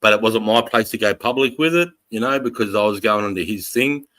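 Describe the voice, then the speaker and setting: A man's voice: fairly low pitch, brisk, a bit bright, rough recording. A man casually hosting a livestream, telling stories bluntly with plenty of swearing. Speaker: livestream host.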